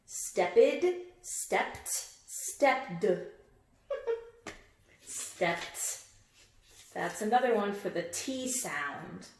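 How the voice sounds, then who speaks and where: A woman's voice: mid-range voice, lively intonation, drawn-out words, vocal fry, long pauses, roomy sound. A woman teacher reading a picture book aloud and repeating words emphatically as she quizzes her listeners on word endings. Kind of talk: read-aloud phonics lesson.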